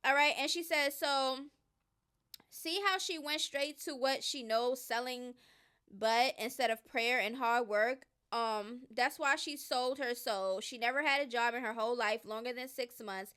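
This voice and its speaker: A woman hosts casual commentary, reading posts aloud and weighing in with emphatic, opinionated remarks. Her voice sits a little high and comes across smooth and clean. She swings from loud outbursts to low asides. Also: unhurried. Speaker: gossip commentary host.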